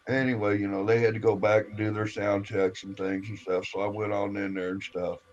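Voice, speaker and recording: A man's voice: lowish voice, flat delivery, moderate pace. Rambling, story-telling man, lo-fi. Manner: rambling storyteller, acts out quoted voices, swears. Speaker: stream host telling a story. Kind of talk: casual rambling anecdote.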